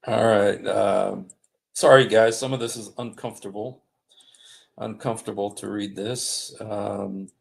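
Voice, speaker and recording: A man hosting a livestream, reading passages aloud in a halting way, with many fillers and apologies. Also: fairly low pitch, steady tone, creaky. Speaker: livestream host. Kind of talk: casual livestream commentary reading texts aloud. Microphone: desktop streaming mic.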